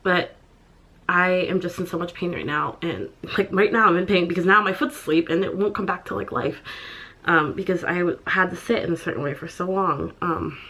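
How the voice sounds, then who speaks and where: A young woman vlogging in a halting, upset way, full of pauses and fillers. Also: on the low side, sharp tone. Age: young adult. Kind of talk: personal confessional vlog.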